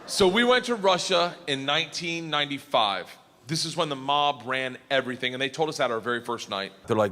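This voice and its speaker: A man's voice: mid-range voice, lively intonation, fairly quick, sharp tone. A middle-aged man telling a rowdy, profane stand-up story, often laughing through his lines. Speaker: stand-up comedian.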